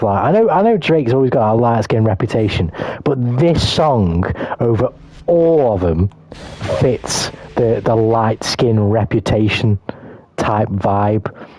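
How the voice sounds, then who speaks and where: A British man with a lowish, slightly mellow voice chats casually while streaming a fighting game, with no room sound in the recording. He rambles, swears, and jokes around with his chat.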